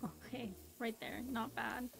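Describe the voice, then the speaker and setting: A woman streamer commentating her own gameplay, excitable and panicky, laughing often. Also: a little high, unhurried, vocal fry, music in the background. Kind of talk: live game commentary.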